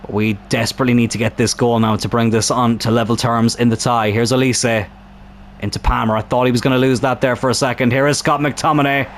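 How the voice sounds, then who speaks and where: A young man commentating his own football video game match, excitable and swearing at the screen, with a strained throat. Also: mid-range voice, a little fast, slight background noise.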